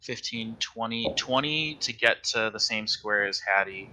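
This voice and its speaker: A man serving as dungeon master at a tabletop game, his voice very bright and forward. He sits a little low in pitch and talks patiently, with frequent fillers as he checks rules. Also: a little slow, a little hiss or hum.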